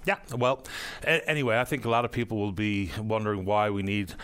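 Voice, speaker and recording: A man hosting a phone-in radio show, politely and briskly moving callers along. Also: fairly low pitch, fairly even intonation, fairly bright tone, smooth. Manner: brisk, polite, wrapping up calls. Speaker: radio talk show host.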